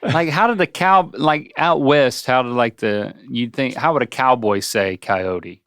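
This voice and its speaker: A man's voice: mid-range voice, unhurried, a bit bright, clear, resonant tone, dry recording, studio quality. A middle-aged man co-hosting a podcast, teasing and playfully quizzing his father. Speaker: podcast co-host. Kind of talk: casual chat. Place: indoor studio.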